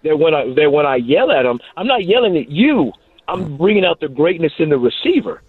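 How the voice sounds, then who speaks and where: A man's voice: fairly high pitch, brisk, husky, no echo. A man who is a former wide receiver and coach, calling in to a sports radio show and telling stories with emphatic energy. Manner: animated storytelling, emphatic. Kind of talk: casual sports radio chat. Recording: tinny phone line.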